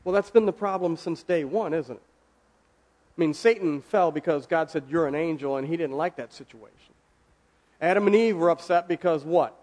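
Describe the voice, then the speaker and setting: A man's voice: a little high, a little mellow. Conversational man preaching a casual sermon. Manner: conversational, asks the audience questions, slows for emphasis.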